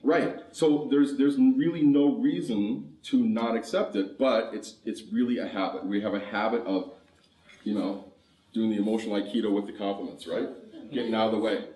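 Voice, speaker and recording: A man's voice: lowish voice, fairly even intonation, moderate pace, warm tone. A man from Canada leading a conference workshop, laughing often and asking the audience questions. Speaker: conference speaker. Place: conference hall. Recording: roomy hall, mic far off.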